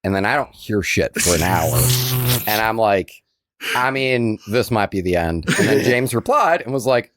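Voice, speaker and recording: Animated man telling a story. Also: lowish voice, moderate pace. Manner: animated, acts out quoted voices, swears freely. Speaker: podcast co-host. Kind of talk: casual storytelling chat.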